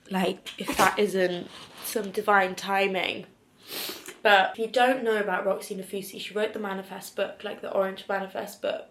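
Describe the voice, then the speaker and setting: A woman's voice: mid-range voice, fairly bright tone. A young woman, chatting casually to camera at home in a rambling way, saying "like" a lot. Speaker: lifestyle vlogger. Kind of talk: casual vlog chat to camera. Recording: echoey room with background noise.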